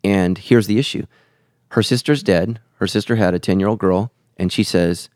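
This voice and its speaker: Deep-voiced earnest pastor, dry studio sound. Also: male voice, normal speed, darkish tone, no echo. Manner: earnest, preacherly, repeats phrases for emphasis. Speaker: pastor and podcast host. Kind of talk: conversational podcast teaching.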